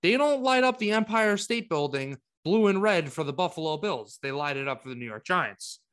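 A man co-hosting a sports podcast, talking in casual, animated rants with frequent restarts. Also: a little high, moderate pace, smooth. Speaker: podcast co-host.

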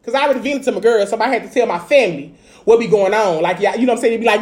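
A woman's voice: a little high, lively intonation, fast. A woman with a Dallas accent venting in a casual chat, blunt and profane with lots of filler phrases. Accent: Dallas, Texas.

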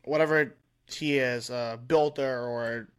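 A man co-hosting a podcast in casual chat, halting and searching for his words as he talks. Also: medium pitch, steady tone, a bit bright, clear, resonant tone. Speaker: podcast co-host.

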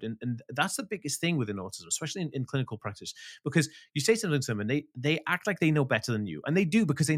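Fast-talking, swearing man. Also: mid-range voice. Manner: swears often, animated and emphatic. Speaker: podcast guest. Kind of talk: casual interview talk.

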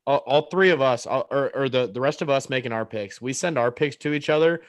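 A man's voice: mid-range voice, fairly quick, no echo. Podcast guy stuttering before making his point, dry mic. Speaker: podcast co-host. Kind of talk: casual sports betting chat.

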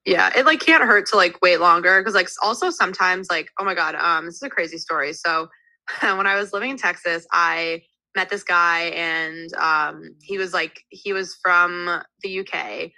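A woman's voice: lowish voice, moderate pace, dry recording, poor audio. A woman in her thirties, a podcast guest in casual chat, telling stories candidly and animatedly with lots of "like". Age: 30s. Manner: candid, animated storyteller full of "like" fillers.

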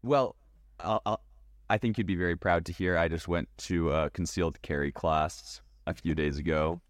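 A man with a very low, deep voice hosts a casual podcast. He hesitates and stumbles over repeated words, and the recording is close and dry. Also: fairly even intonation, moderate pace, dry recording. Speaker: podcast host.

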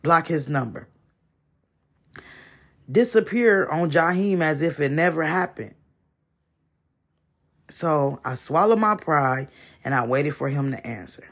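A man reads a first-person short story in a measured way, using dramatic pauses. His voice sits a little high and has a gravelly fry. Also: animated, fairly bright tone. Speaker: story reader.

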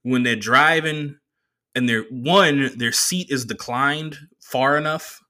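A man hosting a solo podcast, telling stories in a casual, profane and animated way and slipping into voices. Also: medium pitch, takes it slowly. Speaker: podcast host.

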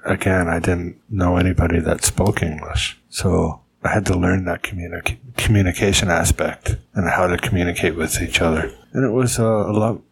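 Low voiced middle aged guy musing slowly in a chat, bit of hiss behind. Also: vocal fry, rough recording. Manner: reflective, hesitant restarts. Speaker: expat panelist. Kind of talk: casual group chat.

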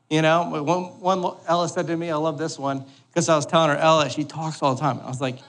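A man in his thirties preaches a sermon in a church hall, his voice sitting a little high for a man. He talks in a relaxed, joking way and keeps checking in with the room. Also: quick pace, hardly any pauses. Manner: joking, conversational, keeps asking "all right?". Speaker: pastor.

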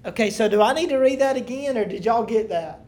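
A woman's voice: a little high, a little fast, mellow. A woman leading a Bible study, reading scripture aloud with emphasis and then explaining it in loose, casual talk to a room of listeners.

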